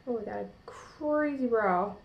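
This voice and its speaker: A young New Jersey woman, accent intact, does a makeup tutorial at home facing a mirror. Her slightly high voice is expressive and unhurried; she's a beauty vlogger who chats casually, rambles and leans heavily on "like."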